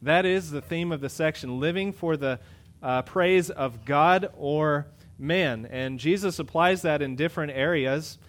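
A male pastor giving a sermon to a congregation, talking in a loose, conversational way with frequent fillers and quick self-corrections. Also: on the high side, a bit bright. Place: church sanctuary. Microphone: microphone in front of a congregation.

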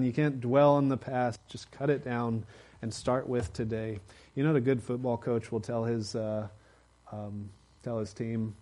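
A man preaching a sermon in a relaxed, conversational way, often pausing on fillers. His pitch sits in the middle range. At high points he presses harder and gets louder. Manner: conversational, rising to emphatic exhortation.

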